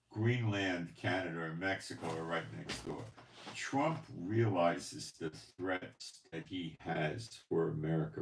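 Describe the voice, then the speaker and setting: Preachy man in an echoey room. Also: low-pitched. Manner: preachy, rhetorical questions. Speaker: channel host. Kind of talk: commentary monologue.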